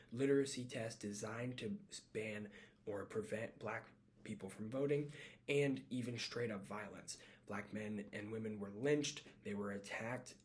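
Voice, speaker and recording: A man giving a read-aloud class presentation, reading from a script with small slips and quick self-corrections. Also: mid-range voice, slight background noise.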